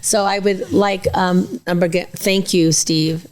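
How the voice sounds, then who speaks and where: A woman hosting a talk show who runs things in a brisk, friendly way. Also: on the low side, fairly even intonation, darkish tone. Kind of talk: casual chat.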